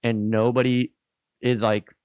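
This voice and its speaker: Slangy, animated storyteller man. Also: medium pitch, a little slow, clean tone, dry recording. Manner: animated, slangy, swears freely, says "bro" often. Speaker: pizza restaurant worker, podcast guest. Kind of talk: casual podcast storytelling.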